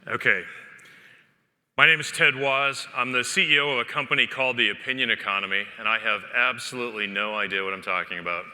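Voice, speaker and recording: A man giving a joking, animated conference talk, speaking straight to the audience in a conference hall. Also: mid-range voice. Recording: long hall reverb.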